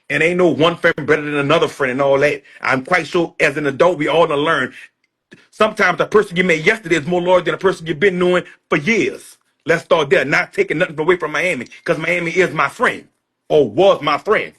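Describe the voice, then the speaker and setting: Husky-voiced man in a heated rant. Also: fairly high pitch, pushed and bright. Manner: repetitive, blunt, profane. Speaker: social media personality.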